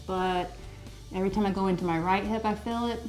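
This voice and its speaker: A woman's voice: mid-range voice, fairly even intonation, brisk, darkish tone, faint music behind. A woman leading a yoga class, chatting and joking playfully as she guides the poses. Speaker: yoga instructor.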